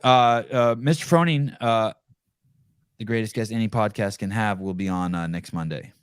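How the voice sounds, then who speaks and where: A man's voice: fairly low pitch, moderate pace, clear, resonant tone, no echo, clean studio sound. A man hosting a podcast, ranting bluntly and profanely in casual commentary. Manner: blunt, swearing, animated rants. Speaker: podcast host.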